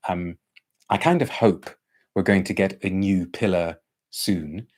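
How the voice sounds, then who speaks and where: A man with a fairly low voice chats casually through a live stream. He reads out viewers' comments and trips over his words, restarting sentences as he thinks aloud. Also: a little slow, a little mellow. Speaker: perfume reviewer hosting a live stream.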